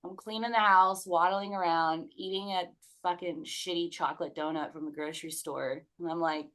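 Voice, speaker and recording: Candid, animated woman with a lowish voice. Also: moderate pace, hardly any pauses. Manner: candid, animated, swears freely; acts out her own past remarks in quotes. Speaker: podcast guest. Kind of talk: casual personal storytelling.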